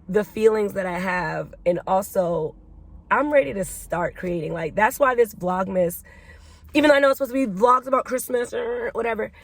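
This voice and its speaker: A young adult woman talking through her feelings in a candid personal vlog, reflective and emotional, recorded in a car. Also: medium pitch. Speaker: vlogger.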